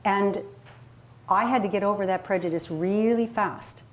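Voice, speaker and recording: A woman's voice: mid-range voice, moderate pace. Folksy, emphatic woman telling stories. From Southern California. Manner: folksy storytelling, emphatic asides. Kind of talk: casual interview chat.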